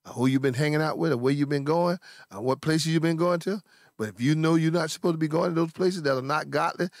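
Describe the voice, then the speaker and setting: A pastor preaching a sermon with fervent, repetitive emphasis, in speech. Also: male voice, on the high side, no echo, clean studio sound.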